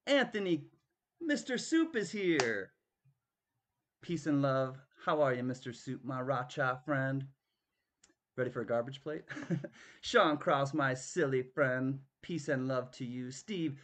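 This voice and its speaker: A man's voice: medium pitch, expressive, takes it slowly, a bit bright. A man hosting a live online auction, greeting viewers by name in a playful, drawling way with bits of song. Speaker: auction host. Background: guitar music.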